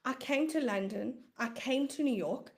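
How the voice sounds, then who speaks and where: A woman's voice: high voice, expressive, moderate pace. A woman with a South African accent, giving a motivational talk as a business coach and comedian, emphatic and repeating phrases for weight.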